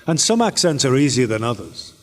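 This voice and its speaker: British man, convention panel guest, rambling relaxed answers, mid-pitched voice, long echo of a big hall. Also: a little fast, slight background noise. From Britain. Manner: relaxed, rambling, with many fillers and restarts.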